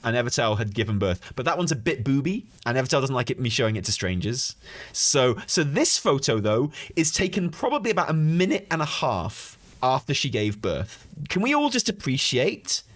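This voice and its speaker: A man and channel host telling a wild story in a casual, animated way, swearing and laughing as he goes. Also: medium pitch, normal speed.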